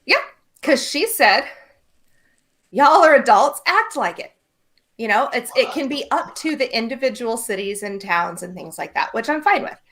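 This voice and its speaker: A woman's voice: a little high, animated, normal speed, fairly bright tone. A woman from Iowa, co-hosting a podcast in casual, laughing, swearing chat. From Iowa, USA. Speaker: podcast co-host. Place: small Iowa town home.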